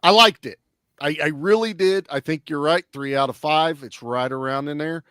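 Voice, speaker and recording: A man in casual chat, reviewing a film with blunt, profane and animated talk. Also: fairly high pitch, normal speed, clean tone, no echo, clean studio sound.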